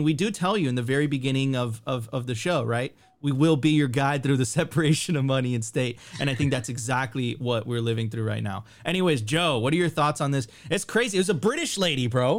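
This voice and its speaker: A man hosting a podcast, casual, energetic and slangy, talking straight to his viewers. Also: medium pitch. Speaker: podcast host. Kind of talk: casual chat.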